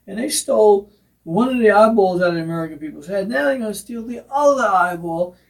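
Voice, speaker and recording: A man's voice: high-pitched, lively intonation, fairly quick, vocal fry. A middle-aged man co-hosting a casual talk show, rambling and joking with many fillers. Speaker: co-host. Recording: voice from a distance off the mic.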